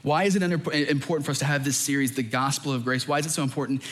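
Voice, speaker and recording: A man's voice: mid-range voice, steady tone, very fast. A young adult man, a pastor, preaching a sermon in an earnest, emphatic way.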